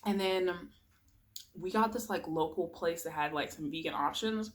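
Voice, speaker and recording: A woman's voice: fairly low pitch, normal speed. A young woman chatting casually while eating on camera, rambling, giggling and murmuring as she tastes food. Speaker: vlogger. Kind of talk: casual mukbang chat.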